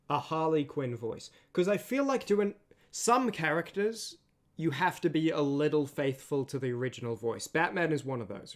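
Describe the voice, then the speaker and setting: Tired man rambling on a stream. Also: medium pitch. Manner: rambling, many restarts. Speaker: streamer and voice animator. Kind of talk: casual stream chat.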